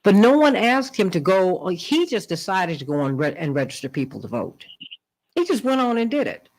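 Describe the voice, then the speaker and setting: A woman hosting a radio talk show, telling stories with lively, rising delivery. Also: moderate pace, rough recording. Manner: animated storytelling, rising pitch in quotes. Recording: radio broadcast.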